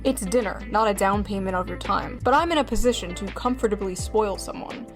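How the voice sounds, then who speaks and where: A woman reading passages aloud with dry, deadpan humor. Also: mid-range voice, fairly quick, music in the background. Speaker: video essayist. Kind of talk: reading aloud and commenting wryly.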